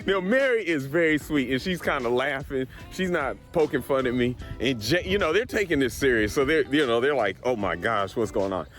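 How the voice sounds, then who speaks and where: A middle-aged man from Colorado, an appraiser telling a story to camera in a casual, animated way and laughing along as he goes. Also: mid-range voice, a little fast, few pauses, soft background music. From Colorado, USA. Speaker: real estate appraiser.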